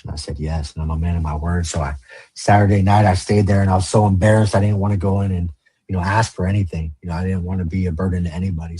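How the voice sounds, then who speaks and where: Speaking in a low, warm voice with a breathy edge, a man shares his life story as a podcast guest. He's frank and foul-mouthed, replaying earlier conversations through quoted lines.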